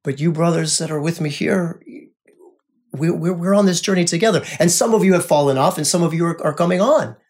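A man hosting a spiritual podcast, talking earnestly in a monologue, repeating phrases and often dropping to a soft hush. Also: high voice. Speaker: podcast host.

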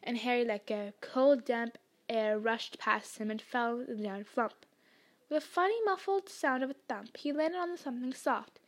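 A woman hosting a podcast and narrating a book chapter in an expressive storytelling manner. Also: a little high, unhurried. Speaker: podcast reader. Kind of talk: audiobook narration.

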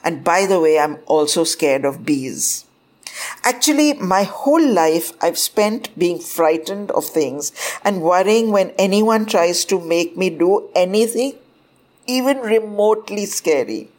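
A woman telling a first-person story in an expressive way, lifting her voice sharply for quoted cries. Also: fairly low pitch, a little slow.

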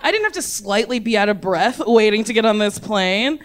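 A woman in casual chat, telling a story in an animated, giggly way and swearing freely. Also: medium pitch, fairly quick.

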